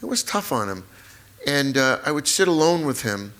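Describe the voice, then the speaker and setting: A man in his sixties, a memoir author, telling a personal story at a live talk event, halting, repetitive and openly emotional. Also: medium pitch, big pitch swings, a bit bright. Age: 60s.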